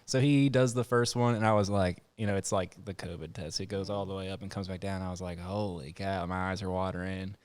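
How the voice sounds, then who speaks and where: A man's voice: sits low, steady tone, brisk, few pauses, darkish tone, clear, resonant tone. A man hosting a podcast, telling a story in casual chat and acting out the voices of the people in it. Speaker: podcast host.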